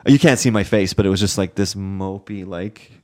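A man in his thirties, a father, telling a rambling, animated story in casual chat. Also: lowish voice, fast talker, slight background noise.

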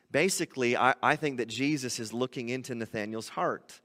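Animated man preaching in an echoing hall. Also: mid-range voice, normal speed, few pauses. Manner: animated, acts out quoted voices. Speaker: pastor. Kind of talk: sermon.

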